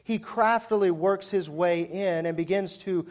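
A man's voice: high voice, a little slow. Man preaching to a congregation. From Virginia. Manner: conversational, asks the congregation questions, wry asides. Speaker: pastor. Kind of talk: sermon. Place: church hall before a congregation.

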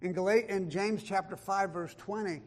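A man preaching a sermon, emphatic, swinging from loud declarations to hushed asides and reading scripture in old-style wording. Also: sits high, fairly even intonation, moderate pace. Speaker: pastor.

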